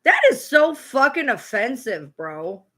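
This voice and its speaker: A woman streamer with a slightly high, sing-song voice rants at a clip she's reacting to, speaking unhurriedly in a bright, forceful tone with a breathy edge. She's heated, swearing hard and repeating herself over and over.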